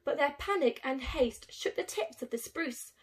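A woman teacher reading a rhyming picture book aloud to young children in an expressive, sing-song way. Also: high voice, normal speed.

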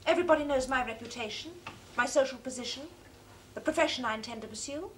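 A cool, high-voiced young daughter. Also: female voice, fast talker, a bit bright, a little hiss or hum. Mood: cold. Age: young adult. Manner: crisp, cool and precise. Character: cool, self-possessed young college-educated daughter. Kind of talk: period film drama acting.

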